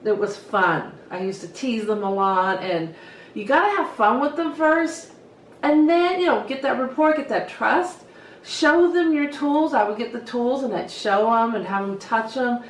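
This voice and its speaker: A middle-aged woman hairstylist telling stories in a casual, lively way and acting out what she said to the kids. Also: fairly high pitch, a little slow, a little hiss or hum. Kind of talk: casual storytelling to camera. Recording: echoey room, voice from some distance.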